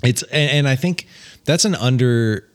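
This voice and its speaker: A man co-hosting a casual film podcast, animated and laughing, swearing freely. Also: mid-range voice, measured pace, smooth. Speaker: podcast co-host.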